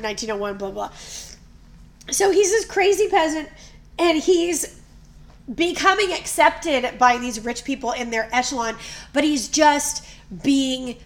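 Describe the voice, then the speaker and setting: A woman telling a story in casual chat, animated and often laughing. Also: high voice. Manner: animated, laughing, mimics voices in quotes.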